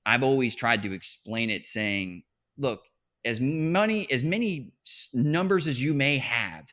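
Bright-voiced animated sports podcast host. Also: male voice, mid-range voice, a little slow. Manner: animated, restarts often, laughs while talking. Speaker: fantasy football podcast host. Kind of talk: casual sports chat.

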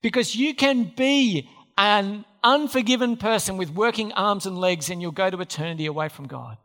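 Pastor preaching in a reverberant church. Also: male voice, high voice, normal speed, a bit bright. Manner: conversational preaching with questions to the congregation. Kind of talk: sermon. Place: church hall. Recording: hall reverb.

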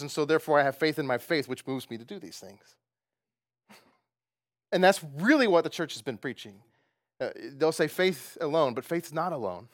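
A man's voice: a little high, no echo, studio quality. A man preaching a sermon, talking conversationally, asking the audience questions and often laughing. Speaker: pastor.

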